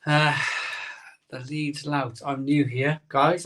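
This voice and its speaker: A man hosting a live stream reads viewer comments aloud in casual chat, cheerful and chatty, with lots of ums and repeated phrases. His mid-range voice is a bit bright, shows little pitch movement, and moves a little slowly.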